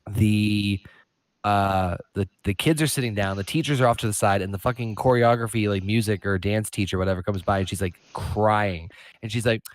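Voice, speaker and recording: A man's voice: fairly low pitch, normal speed, no echo. A man co-hosting a podcast, casually retelling a comedy routine, swearing freely and acting out the quoted voices. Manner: profane, animated storyteller acting out quotes in a raised voice. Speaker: podcast co-host.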